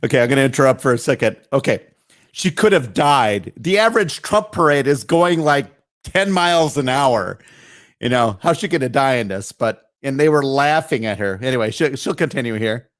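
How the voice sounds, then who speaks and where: The live online show's host has a medium-pitched, expressive voice and talks briskly. His commentary is loose and chatty, wandering along with lots of fillers and restarts.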